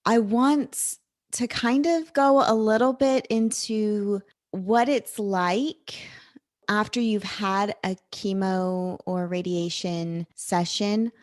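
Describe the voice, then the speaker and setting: A woman's voice: mid-range voice, fairly even intonation, takes it slowly, dry recording, clean studio sound. A woman hosting a casual podcast interview, supportive and affirming as she listens and asks questions. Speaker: podcast host.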